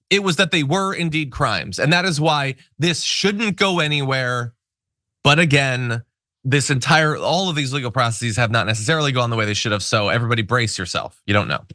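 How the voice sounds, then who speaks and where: A man hosting a political talk show, sarcastic and animated, building hypothetical examples. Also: a little high, moderate pace, dry recording, clean studio sound. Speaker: host. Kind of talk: political commentary chat.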